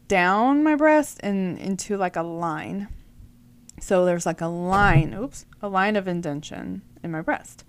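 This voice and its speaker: Woman, 40s, from the US, vlogger, casual rambling storyteller who restarts her sentences. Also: mid-range voice. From United States. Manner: chatty, rambling, self-correcting.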